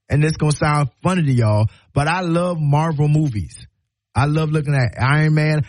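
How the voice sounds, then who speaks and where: A man hosts a radio talk show in a slightly high, husky voice. He preaches in a folksy way, laughing often and repeating words to drive a point home. The sound is close and dry. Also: no echo. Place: radio studio.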